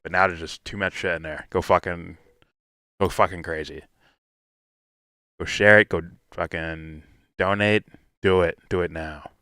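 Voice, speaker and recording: A man's voice: sits low, fairly even intonation, a little slow, long pauses, pushed and bright, smooth, dry recording, studio quality. A man hosting a live reaction stream in loose, casual talk, swearing freely and laughing often.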